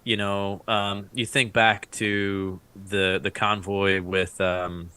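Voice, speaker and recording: Bright-voiced veteran man telling war stories. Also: on the low side, flat delivery, slow, clean tone, no room sound. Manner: rambling, laughs often, acts out quotes. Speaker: Iraq War veteran guest. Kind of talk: casual podcast storytelling.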